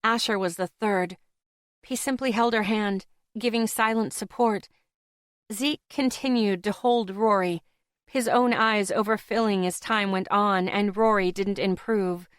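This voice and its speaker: A woman reading a first-person audiobook in a steady, expressive way. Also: medium pitch, a little slow, clear, resonant tone, no room sound, studio quality. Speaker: audiobook narrator.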